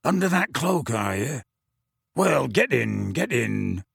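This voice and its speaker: A man voicing a gruff, battered giant gamekeeper in an audiobook, with slow, rough, rustic speech. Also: mid-range voice, big pitch swings, a bit bright, no room sound, studio quality, heavily acted. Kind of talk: audiobook reading.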